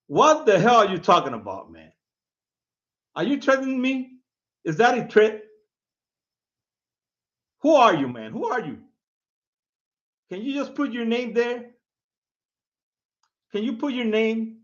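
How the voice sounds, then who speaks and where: A man with a high, lively voice that swings all over as he taunts and ribs someone to camera. He laughs a lot, repeats phrases and tags "man" onto everything. The sound is dull and lo-fi. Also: a little slow, long pauses. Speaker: video host. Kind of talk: casual mocking rant to camera.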